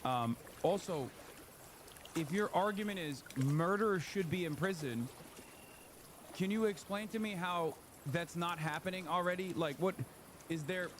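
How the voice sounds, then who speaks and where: A man's voice: a little high, background noise. A man streaming, reacting to a clip with casual, profane political commentary. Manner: animated, profane, mocking quoted voices.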